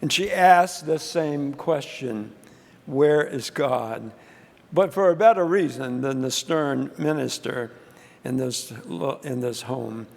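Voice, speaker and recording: A man's voice: mid-range voice, measured pace, creaky, darkish tone. A man preaching a sermon, telling a story with frequent restarts and fillers. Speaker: pastor. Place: church sanctuary. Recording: long church reverb.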